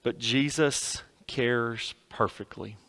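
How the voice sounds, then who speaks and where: Preacher swinging loud to hushed. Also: male voice, mid-range voice, takes it slowly, creaky. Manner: dramatic swings between loud emphasis and hushed lines. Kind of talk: sermon. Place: church sanctuary.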